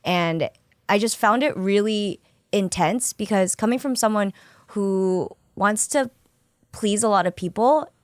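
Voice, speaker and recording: A woman's voice: mid-range voice, a little slow, no room sound, clean studio sound. A woman guest on a podcast, chatting frankly and easily, telling stories. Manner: chatty, frank, easy storytelling. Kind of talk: casual chat.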